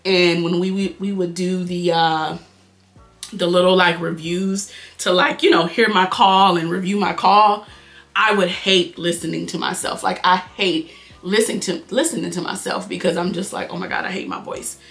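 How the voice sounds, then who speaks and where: Fast-talking nasal Detroit woman. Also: on the low side, fairly even intonation, a bit bright, faint music behind. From Detroit, Michigan. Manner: fast-talking, chatty, addresses viewers as y'all. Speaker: beauty vlogger. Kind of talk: casual chat while doing makeup.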